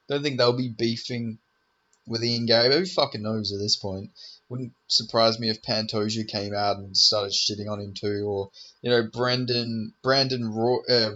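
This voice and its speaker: A man's voice: mid-range voice, bright, forceful tone, lo-fi sound. A man giving a rambling, profane, joking preview of upcoming fights in casual commentary. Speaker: MMA commentator.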